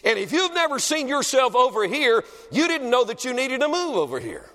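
A male evangelist preaching a revival sermon in a church, swinging dramatically between shouting and hushed tones. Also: very high voice, sing-song, fairly quick. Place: church building. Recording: long reverb of a large hall.

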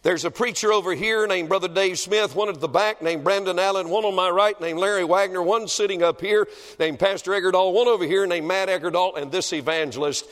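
A male evangelist preaching a revival sermon in a church, swinging dramatically between shouting and hushed tones. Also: high voice, fairly quick, few pauses. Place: church building. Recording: long reverb of a large hall.

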